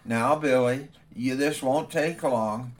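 A man voicing a patient father speaking in a low, quiet, soothing way. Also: slow, lightly acted. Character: patient dad calming himself, low and quiet.

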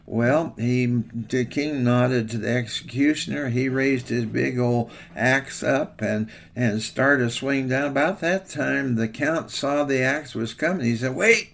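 A man's voice: medium pitch, measured pace, vocal fry, hardly any pauses. An older man, a pastor, giving a folksy devotional sermon in a rambling, homespun storytelling manner.

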